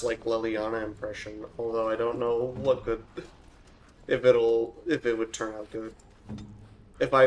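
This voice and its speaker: A young man casually commenting on his own gameplay, thinking out loud with restarts, and turning loud and excitable during fights. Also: mid-range voice, a little hiss or hum. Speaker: let's play gamer.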